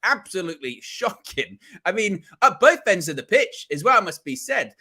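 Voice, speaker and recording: A man hosts a live post-match reaction show on his football fan channel, speaking at normal speed in a high, sharp voice with a breathy edge and big pitch swings. He talks emphatically, repeating phrases for effect.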